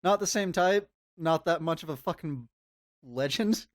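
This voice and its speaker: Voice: mid-range voice, unhurried, no echo, studio quality. A young adult speaking casually and swearing freely while telling a work story on a podcast. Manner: laid-back, swears casually. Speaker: podcast co-host.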